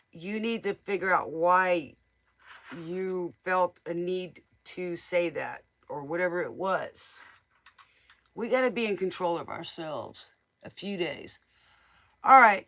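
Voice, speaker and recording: A woman giving casual, motherly tarot readings to viewers on a live stream. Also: fairly low pitch. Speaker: tarot reader.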